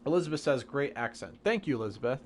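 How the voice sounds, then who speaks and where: A man's voice: medium pitch, very animated, fast talker, a little hiss or hum. A young man live-streaming a game, casually and patiently explaining science questions from chat.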